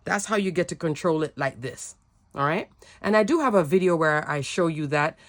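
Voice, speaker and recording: A woman's voice: sits low, animated, moderate pace, no echo. A woman giving a casual, upbeat card-making product demo, chatty and often saying "like".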